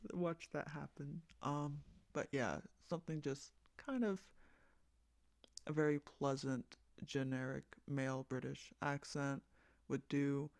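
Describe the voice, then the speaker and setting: This fan project creator from the United States has a slightly high, gravelly voice with a steady tone, taking things slowly in a dry recording with no room sound. Chatting loosely about his voice casting call, he wanders, hesitates, and keeps correcting himself amid lots of fillers.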